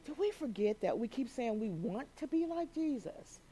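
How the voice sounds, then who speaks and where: A woman preaching a sermon, animated and laughing as she acts out quoted voices. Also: on the high side, normal speed, slight background noise.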